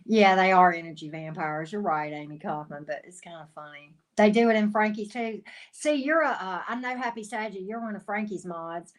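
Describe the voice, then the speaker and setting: A woman's voice: medium pitch, animated, normal speed. A woman, a tarot reader chatting casually on a livestream, calling viewers honey and sweetie and greeting them by name. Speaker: tarot reader and channel host.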